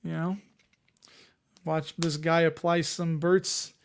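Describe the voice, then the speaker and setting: A man's voice: on the high side, little pitch movement, slow, gravelly, long pauses. A man hosting an investing live stream, chatting casually and rambling as he answers viewers' comments. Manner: rambling, conversational, reads chat comments aloud.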